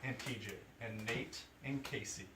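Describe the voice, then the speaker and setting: A man telling a funny story to a group of friends, animated and laughing often as he acts out the people in it. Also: medium pitch, normal speed, noisy background. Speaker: friend giving a toast. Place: indoor room with a gathering of friends. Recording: echoey room, voice from far off, chatter behind.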